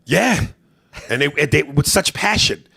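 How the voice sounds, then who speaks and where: A male comedian hosts a podcast in a casual, profane way, with a gravelly edge under his voice. His pitch swings widely as he breaks into bits and impressions, and the sound is dry and close to the mic. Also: a little slow, no echo. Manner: profane, animated, jumps into impressions.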